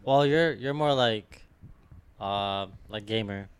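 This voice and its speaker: Smooth-voiced young man telling rambling stories. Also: on the low side, slow pace. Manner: rambling, slangy storytelling. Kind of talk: casual chat among friends.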